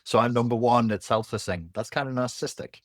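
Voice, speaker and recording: A man speaking as a podcast guest in a candid conversation, blunt and animated, who swears freely. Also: mid-range voice, fast talker, no echo, studio quality. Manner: blunt and animated, swears, acts out quoted voices.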